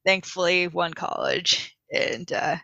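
A woman's voice: lowish voice, flat delivery, slow, sharp tone, no room sound, highs cut off. An American woman, a podcast guest, chatting casually and thoughtfully. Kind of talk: casual chat.

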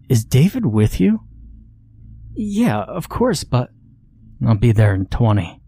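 A man narrating a first-person horror story in a measured, steady way. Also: lowish voice.

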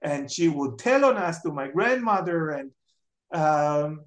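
A memoir author from Israel, telling animated family anecdotes thoughtfully in an interview, with frequent hesitations. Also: mid-range voice, measured pace, roomy sound. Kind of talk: reflective storytelling in an interview.

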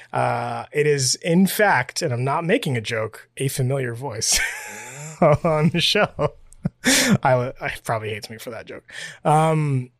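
A man's voice: medium pitch, vocal fry, dry recording, clean studio sound. A man co-hosting a casual podcast, playful and rambling, laughing easily. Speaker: podcast co-host.

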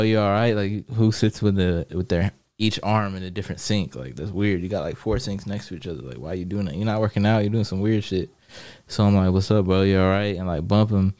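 A man casually telling stories from prison in a relaxed, profane way, laughing often and filling his talk with "like" and "you know what I mean". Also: on the low side, fairly quick, no echo. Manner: laid-back, profane, laughs often, many fillers. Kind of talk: casual storytelling chat.

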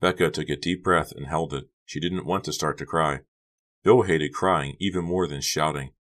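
Very deep-voiced male audiobook narrator. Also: steady tone, moderate pace, a bit bright.

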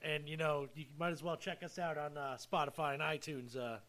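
A man's voice: fairly high pitch, a little fast, a bit bright. A man co-hosting a podcast in casual chat, laughing often and chiming in with short agreements. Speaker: podcast co-host.

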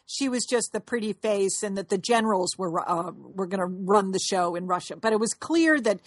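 A woman's voice: mid-range voice, expressive, normal speed, dry recording, clean studio sound. A woman co-hosting a casual chat, talking in a rambling way with restarts and laughs at herself. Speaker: podcast co-host.

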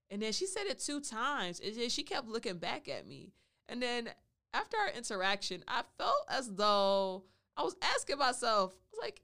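A woman with a smooth, clean voice tells a personal story on her own podcast. She is playful and chatty, and she slips into talking about herself in the third person. She sounds close to a studio mic. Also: fairly high pitch, big pitch swings, moderate pace, bright, forceful tone. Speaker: podcast host.

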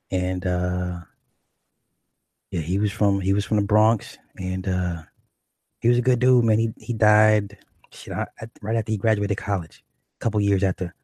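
A man's voice: fairly low pitch, a little mellow, dry recording, studio quality. A man hosting a livestream, chatting casually and in a rambling, profane way, reading viewers' comments aloud. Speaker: livestream host.

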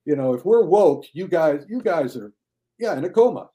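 An older man talking casually as a podcast guest, lively, often mimicking others in high mocking voices. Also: moderate pace. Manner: animated, mocks critics in high shouted voices. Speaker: guest film critic.

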